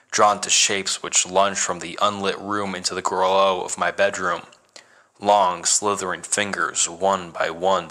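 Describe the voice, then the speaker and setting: A man reading a first-person horror story as narrator, measured and dramatic. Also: low-pitched, pushed and bright.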